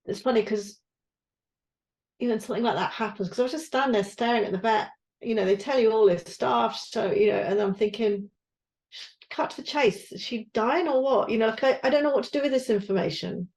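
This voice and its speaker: A woman's voice: a little high, fast talker, a little mellow, poor audio. A woman co-hosting a podcast, talking candidly and searchingly, swearing and trailing off mid-thought. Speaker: podcast co-host, guesthouse owner. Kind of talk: candid casual chat.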